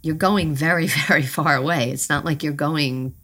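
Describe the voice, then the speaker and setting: Very low, gravelly-voiced woman interviewer. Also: normal speed, fairly bright tone. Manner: reflective, sums up the guest's story. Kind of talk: conversational interview.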